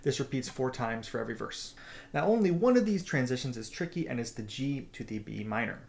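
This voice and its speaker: A man's voice: mid-range voice, lively intonation, fairly quick, gravelly, a little mellow, faint music behind. A man teaching a beginner ukulele lesson, explaining step by step and counting beats aloud. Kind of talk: instructional explanation. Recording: ukulele playing throughout.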